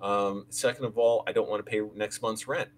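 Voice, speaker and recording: Speaking in a lowish voice with fairly even intonation, the channel's young creative director chats to viewers on his vlog at a moderate pace. His talk is a candid, rambling live-stream rant about landlords and roommates, full of restarts, with slight background noise.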